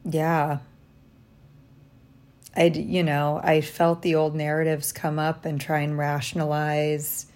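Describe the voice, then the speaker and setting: A woman talking through a personal diary vlog from a hotel room, reflective and halting, tired after little sleep. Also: low voice, completely flat delivery. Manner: reflective, halting, soft-spoken. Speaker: vlogger.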